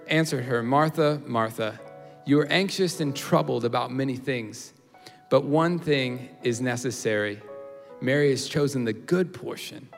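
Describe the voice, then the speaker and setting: A man's voice: on the high side, a bit bright, in a large hall. A man in his thirties preaching a sermon in a conversational, storytelling way, often checking in with "all right?" and "you know". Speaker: pastor.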